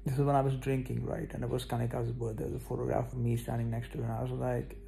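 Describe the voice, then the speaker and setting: Gravelly, warm-voiced casual male vlogger. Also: mid-range voice, flat delivery, very fast, few pauses, faint music behind. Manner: scattered, self-mocking, talks straight to viewers. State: yawning, tired. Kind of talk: casual rambling vlog to camera.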